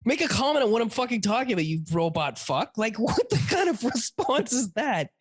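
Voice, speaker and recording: A man's voice: very high-pitched, big pitch swings, fairly quick, dry recording. A man co-hosting a casual comedy podcast, riffing crudely, swearing freely and laughing a lot. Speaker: podcast co-host.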